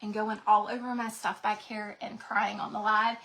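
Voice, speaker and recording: A woman hosting a craft livestream, gushing excitedly to her viewers as she shows off new transfers. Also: medium pitch, normal speed, slight background noise. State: recovering from being sick. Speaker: craft channel host.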